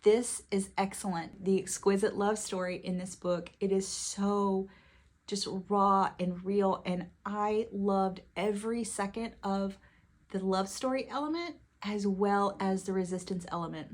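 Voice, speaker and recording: A woman's voice: medium pitch, darkish tone. Gushing woman reviewing favorite books. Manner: gushing, emotional, quick bursts. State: tearful at times. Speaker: book reviewer. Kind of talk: casual book talk to camera.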